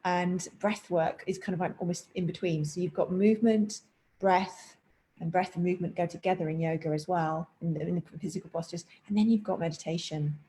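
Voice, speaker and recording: A woman's voice: fairly low pitch, fairly even intonation, brisk, warm tone, poor audio. A woman meditation teacher at home, explaining breathing in a chatty way and breaking off now and then to talk to her cat. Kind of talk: casual spoken class introduction. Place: at home indoors, rain outside.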